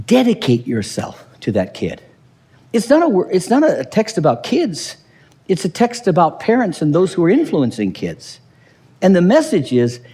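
Animated man preaching in a reverberant hall. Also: on the high side, breathy edge. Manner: sarcastic, animated preaching with mock quotes. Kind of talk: sermon.

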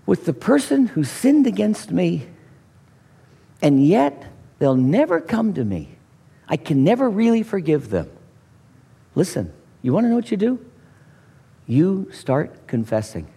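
A man preaching a sermon, emphatic and lively, often repeating words as he starts a phrase. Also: vocal fry, husky. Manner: emphatic, with sudden high exclamations and dramatic pitch swings. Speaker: pastor.

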